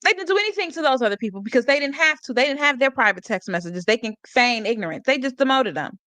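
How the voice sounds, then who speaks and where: On a live stream, a woman chats casually and sarcastically about a court case, laughing often and reading chat comments aloud. Her voice sits high and sounds pushed and bright, with an animated, quick delivery. The recording is dry.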